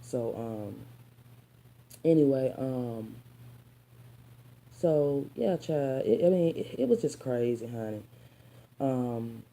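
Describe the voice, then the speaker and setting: A sassy woman vlogger, talking straight to her listeners in a casual storytime. Her voice is dark and mellow, and she calls her audience honey and child. She mixes spiritual preaching into her story and now and then drops into soft asides. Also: very deep voice, lively intonation, takes it slowly, long pauses.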